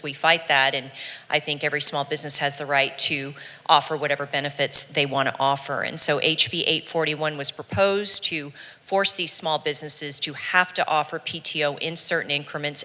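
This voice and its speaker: A woman's voice: sits low, pushed and bright. A woman from the chamber of commerce giving a matter-of-fact legislative update, with frequent fillers, in a reverberant council chamber. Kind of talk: public update at a council meeting.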